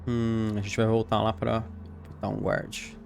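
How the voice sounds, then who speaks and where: A man's voice: on the low side, monotone, measured pace, creaky, a little hiss or hum. A man with a Brazilian Portuguese accent giving casual, chatty gameplay commentary as a streamer, thinking aloud. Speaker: gaming streamer.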